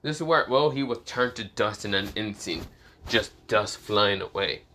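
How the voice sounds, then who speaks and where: A man's voice: lowish voice, bright, forceful tone, slight background noise. A man tells an improvised fan-made story in a loose, casual way. He often stalls, corrects himself and reaches for words mid-sentence. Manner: halting, full of fillers and self-corrections. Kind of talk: improvised fan-fiction narration.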